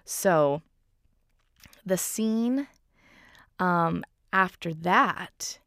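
A woman's voice: lowish voice, lively intonation, extremely slow, a bit bright, no echo, studio quality. A woman recapping a film in a casual, enthusiastic way, full of fillers and "like".

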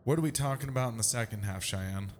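A man's voice: lowish voice, fast, slight background noise. A man co-hosting a paranormal podcast, casual and joking, with playful asides. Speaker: podcast co-host. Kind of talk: casual chat.

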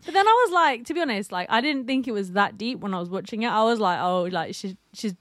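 A woman's voice: a little high, animated, fast talker, fairly bright tone. A young woman co-hosting a podcast, chatting casually with giggles and lots of fillers. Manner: giggly, rambling with many fillers. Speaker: podcast co-host. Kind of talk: casual chat.

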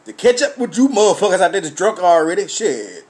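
Male podcast host, middle-aged, high voice, drinking, crude storyteller. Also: sing-song, brisk. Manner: profane storytelling, loud cackling laughs. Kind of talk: raw casual monologue.

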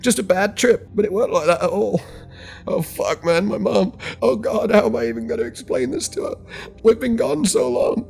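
A man's voice: high-pitched, moderate pace, vocal fry, darkish tone, voice pushed up. A man voicing a traumatized young man, sobbing, panicked and swearing in a horror story. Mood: distraught. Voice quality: shaky, tearful, sobbing.

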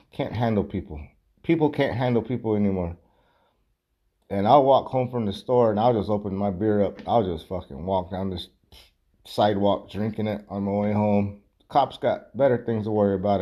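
A man's voice: fairly low pitch, muffled recording. A man ranting in a casual, rambling way and swearing constantly while drinking beer. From United States. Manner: profane, rambling, heavy swearing.

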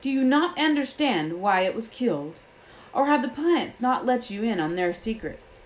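A woman reading aloud voices a young male centaur who speaks in a grave, measured way. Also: on the low side, lively intonation, darkish tone, low-quality recording. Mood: fierce.

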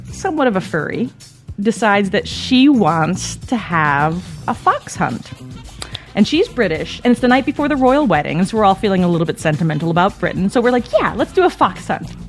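Animated woman telling a comic story. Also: medium pitch. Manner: animated, conversational, frequent "like" and "right?"; laughs between lines.

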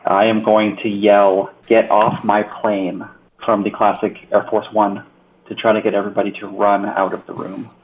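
A man playing in a tabletop game, describing his actions in a flat, matter-of-fact way. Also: on the low side, a little fast, phone-quality sound, slight background noise. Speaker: player. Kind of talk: tabletop game play, casual.

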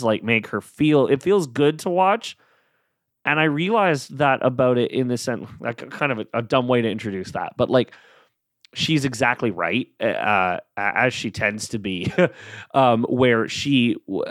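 A man's voice: medium pitch, no room sound, studio quality. A man hosting a solo podcast, talking casually and rambling with lots of fillers and self-amused asides. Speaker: podcast host.

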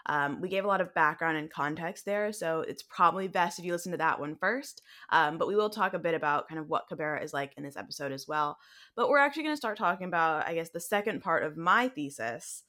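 This is a young woman with an American accent, co-hosting a casual podcast. Her voice sits low for a woman. She talks easily and fills her pauses with ums and likes. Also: bright, forceful tone. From United States. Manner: chatty, frequent ums and likes. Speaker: podcast co-host. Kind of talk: conversational podcast discussion.

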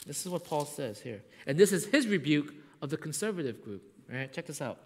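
A male pastor preaching a sermon, telling a story with frequent asides of "right?" and swinging between loud and hushed delivery. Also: on the high side, very animated, a little fast, few pauses, big-room sound.

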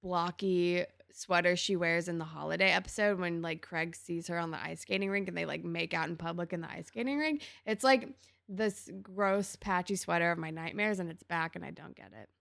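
A woman co-hosting a podcast, chatting casually through an episode recap and acting out characters' lines with big jumps in pitch. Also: moderate pace, gravelly, a bit bright, dry recording, studio quality. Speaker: podcast co-host.

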